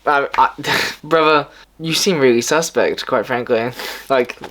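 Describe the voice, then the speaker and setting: A male video host talking in a loose, rambling way. He retells a story casually, full of filler words and restarts. His voice sits at an ordinary middle pitch for a man. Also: measured pace, a bit bright.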